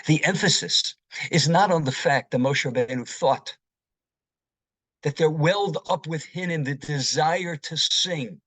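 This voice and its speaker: A man delivers a sermon as a rabbi, speaking at an unhurried, measured pace. His somewhat high voice carries a breathy, husky edge. He works through his points with rhetorical questions, and the sound is close and dry. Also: a bit bright, dry recording, poor audio. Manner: slow, deliberate teaching with rhetorical questions.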